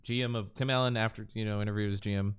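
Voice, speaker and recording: A man's voice: fairly low pitch, steady tone, fast, smooth. A man hosting a casual podcast, chatty and teasing, laughing often. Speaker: podcast host. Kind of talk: casual chat.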